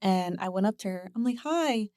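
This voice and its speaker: A woman's voice: medium pitch, quick pace, dry recording, clean studio sound. Chatty woman telling a story. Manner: animated storyteller who acts out voices, repeats words and laughs often. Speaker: podcast guest. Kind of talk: casual interview chat.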